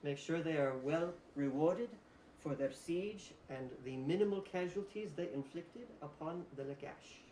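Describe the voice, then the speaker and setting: A man voicing a stern female priestess ruler who gives orders in a commanding, measured way. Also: a little high, warm tone, far from the mic, natural voice. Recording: roomy echo, faint hiss.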